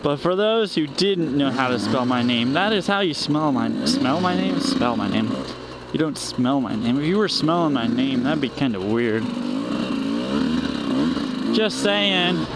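A man's voice: mid-range voice, expressive, a little slow. A man vlogging on a dirt bike in a goofy, rambling, self-mocking way, talking into a helmet mic on a forest trail. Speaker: motorcycle vlogger. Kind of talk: casual riding vlog chat. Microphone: helmet intercom mic. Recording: loud motorcycle engine noise outdoors.

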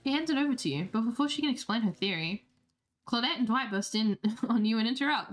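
A woman's voice: on the high side, lively intonation, fast, faint music behind. Playful woman streamer reading a game. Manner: playful, laughing, self-deprecating asides. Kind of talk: reading a dating game aloud.

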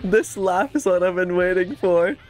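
A woman hosting an anime reaction video, excitable and gushing, breaking into laughter between exclamations. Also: fairly low pitch, moderate pace, soft background music.

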